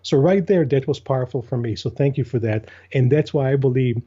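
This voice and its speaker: A man's voice: mid-range voice, a little fast, warm tone, husky. A man who leads an organization, speaking earnestly and with emphasis as a guest in a casual interview. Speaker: guest, business leader. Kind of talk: casual chat. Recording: dull lo-fi recording.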